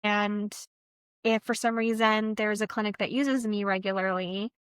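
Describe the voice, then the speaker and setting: A woman's voice: medium pitch, fairly even intonation, a little slow, a bit bright, clean tone, no room sound. Woman, vet tech podcast co-host, candid reflective chat, dry close sound. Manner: candid, earnest storytelling; reflective, encouraging. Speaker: veterinary technician.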